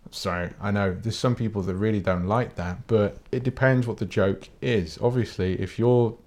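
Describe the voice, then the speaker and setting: Holding a steady tone at a moderate pace, a British man with a fairly low, slightly mellow voice hosts a solo podcast. It's a casual rant, blunt and full of swearing, that rambles and frequently restarts.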